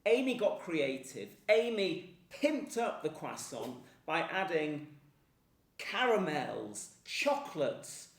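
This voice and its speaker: A man's voice: fairly high pitch, sing-song, takes it slowly, reverberant, far from the mic. A man from England with a Northern English accent, chatting enthusiastically to camera in a casual food vlog. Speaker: food vlogger.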